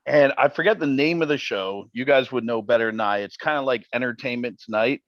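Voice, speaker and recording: A man guesting on a podcast interview, telling stories in an animated, jokey way. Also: mid-range voice, brisk, no room sound, dull audio. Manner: animated, jokey storyteller who acts out quotes. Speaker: interview guest, paranormal TV personality. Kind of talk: casual interview storytelling.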